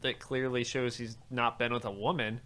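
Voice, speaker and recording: A man's voice: mid-range voice, level tone, moderate pace, sharp tone. A man hosting a casual music podcast, trading sarcastic, mocking banter about an album. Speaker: podcast host. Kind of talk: casual music commentary chat.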